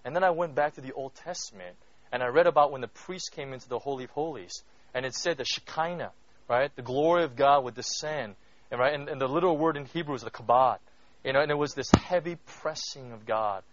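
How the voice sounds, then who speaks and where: A male pastor preaching a sermon in a chatty way, often checking in with the listeners, swinging from loud emphatic bursts to hushed moments. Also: mid-range voice, brisk. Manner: conversational, keeps asking "right?". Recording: dull lo-fi recording.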